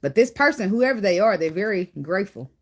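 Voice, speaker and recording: A woman giving a casual spiritual tarot reading, swearing freely and jumping into high acted quotes. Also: very animated, fast talker, a little hiss or hum. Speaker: tarot reader.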